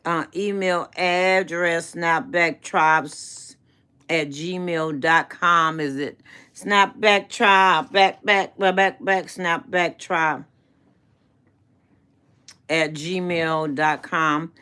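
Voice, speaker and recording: A woman's voice: fairly low pitch, pushed and bright, clean tone. A middle-aged woman hosting a casual live stream, chatting with viewers in a rambling, affectionate way, calling them baby and adding faith-based encouragement. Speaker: channel host.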